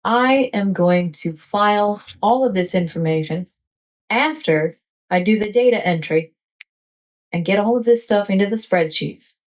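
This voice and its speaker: A man's performance run through an AI voice changer into a flirty, sensual temptress woman with a smooth synthetic sound, speaking in a measured, unhurried way. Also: mid-range voice, voice pushed up, low-quality recording. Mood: matter-of-fact.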